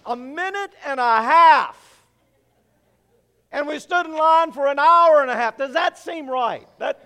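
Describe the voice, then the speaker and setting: A male pastor preaching a sermon, telling a story in an animated, playful way. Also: very high voice.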